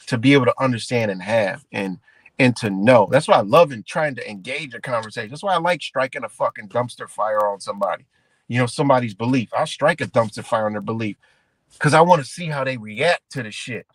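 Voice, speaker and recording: A man hosting a livestream, ranting in a rambling, profane, animated way and calling his viewers guys. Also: mid-range voice, slightly rough, no echo. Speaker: livestream host. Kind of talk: casual livestream rant.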